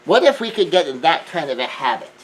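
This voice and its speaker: A man giving an earnest self-help lecture, shifting between hushed remarks and emphatic raised lines. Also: on the high side, big pitch swings, fast, slight background noise, poor audio. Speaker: speaker.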